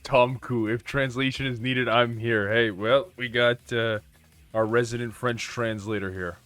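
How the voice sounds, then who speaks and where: A man's voice: medium pitch, steady tone, measured pace, fairly bright tone, dry recording. A man co-commentating on a card game, chatting and joking with his fellow casters. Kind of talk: casual banter between commentators.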